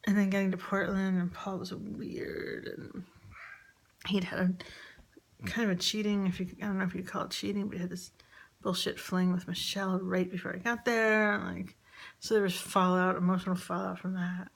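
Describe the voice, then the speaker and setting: A woman recounts a personal story in a quiet, confessional way. She halts often and restarts her sentences. Her voice carries a gravelly fry, and her pitch stays flat and even. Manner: halting, many fillers and restarts.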